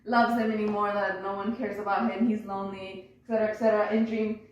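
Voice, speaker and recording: Fast-talking young woman in echoey room. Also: mid-range voice, level tone, lo-fi sound, a little hiss or hum. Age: young adult. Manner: rambling, chatty, swears and laughs. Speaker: student presenter. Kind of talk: casual presentation to family. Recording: very echoey room, far from mic.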